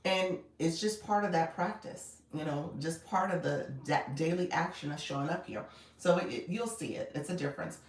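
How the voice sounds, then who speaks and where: A woman's voice: low-pitched, normal speed, echoey room, far from the mic, rough recording. Female live coach, casual and friendly with viewers, sits back from the mic. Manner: chatty, greets viewers by name, laughs often. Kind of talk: casual livestream chat.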